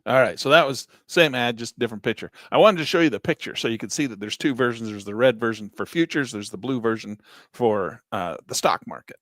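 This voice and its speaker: A man teaching a live trading class over a shared screen, talking in a folksy, animated way and acting out traders in quick voices. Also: medium pitch, no echo. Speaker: trading instructor.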